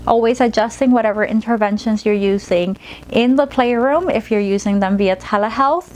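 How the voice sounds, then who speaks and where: A woman play therapist demonstrating a storytelling technique, switching between slow, gentle storytelling and practical instructions. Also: medium pitch, a little hiss or hum.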